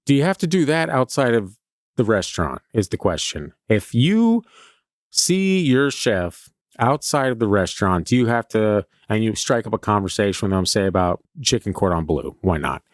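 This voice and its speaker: A man hosts a comedy podcast as a rambling stream-of-consciousness monologue, mocking himself as he goes. His voice sits low but swings widely in animated bursts. The recording is dry and close. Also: normal speed, no echo. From California. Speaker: podcast host.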